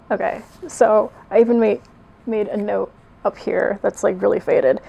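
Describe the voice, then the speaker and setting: Sarcastic young woman with a gravelly voice. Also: medium pitch, mellow. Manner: sarcastic, self-mocking, laughs at herself. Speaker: video creator. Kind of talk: comedic reading of her old fanfic.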